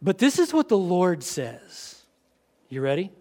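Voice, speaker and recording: A man preaching a sermon, expressive, dropping to soft, intent tones when he quotes scripture. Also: high voice, measured pace.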